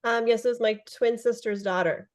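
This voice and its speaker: A woman's voice: a little high, fairly even intonation, brisk. A woman taking part in a psychic reading, giving short, plain answers over a video call. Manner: brief, plain replies. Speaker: participant in a reading.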